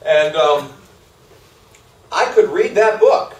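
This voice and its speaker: A man giving a live university lecture, animated and asking his audience questions. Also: fairly high pitch, slow. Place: lecture hall. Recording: echoey hall, speaker far from mic.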